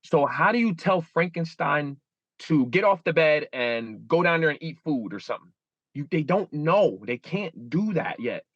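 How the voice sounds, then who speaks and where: Animated man in his thirties, muffled. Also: normal speed, no echo. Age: 30s. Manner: animated, acts out inner dialogue with shifting pitch. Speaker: guest. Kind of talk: candid interview talk.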